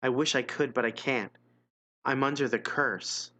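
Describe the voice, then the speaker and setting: A man's voice: mid-range voice, unhurried, bright, forceful tone. A man reading as a frightened, pleading maid. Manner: pleading, desperate. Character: frightened young female maid under a curse. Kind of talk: read-aloud gamebook dialogue.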